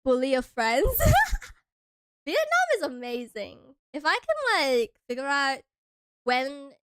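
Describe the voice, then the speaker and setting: A woman's voice: high-pitched, sing-song, slow, a bit bright, no room sound, clean studio sound. A young woman from Hawaii chatting casually on a stream, bubbly and giggly, sometimes breaking into squeals.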